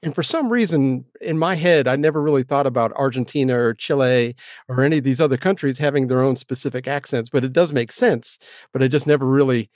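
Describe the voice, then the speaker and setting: A man's voice: mid-range voice, a little fast, dry recording, studio quality. Chatty host man, rambling and friendly. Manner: chatty, rambling, self-deprecating. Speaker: podcast host. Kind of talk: casual interview chat.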